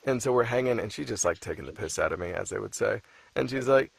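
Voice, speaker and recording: A man's voice: mid-range voice, fast, vocal fry, breathy edge, dry recording. A man, an audiobook narrator, chatting casually on a live stream, laid-back and swearing freely as he tells stories with a laugh. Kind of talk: casual chat.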